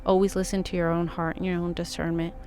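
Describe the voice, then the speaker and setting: Earnest woman vlogger giving gentle advice. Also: on the low side, flat delivery, quick pace, a little hiss or hum. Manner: earnest and encouraging, many "like" fillers. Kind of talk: casual heartfelt advice monologue.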